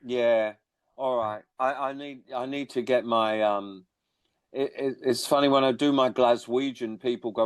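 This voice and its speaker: Wry, rambling musician. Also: male voice, medium pitch, steady tone, a little slow, no room sound. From born in England, raised in Australia. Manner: rambling, wry, self-deprecating humor. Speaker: musician guest. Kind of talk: casual interview chat.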